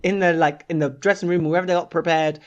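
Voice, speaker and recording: A woman's voice: fairly low pitch, fairly even intonation, fast, highs cut off. A young adult woman co-hosting a podcast, chatting in an enthusiastic, playful way. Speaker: podcast co-host. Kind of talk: casual chat.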